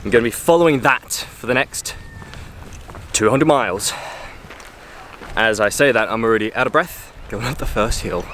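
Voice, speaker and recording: This hiker vlogger chats upbeat to his handheld camera on an outdoor coastal trail, filling his talk with fillers for a casual travel vlog. His medium-pitched, fairly bright voice moves at normal speed with long pauses, over slight background noise.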